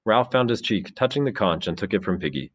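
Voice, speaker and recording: Deep male narrator, measured dramatic audiobook read. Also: animated, a little hiss or hum. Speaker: teacher reading a novel aloud.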